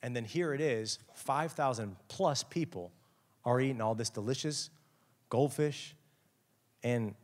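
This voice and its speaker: A young adult man preaching a lively, jokey youth sermon, acting out quotes with big swings in his voice. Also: medium pitch, a little slow, long pauses. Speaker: youth pastor.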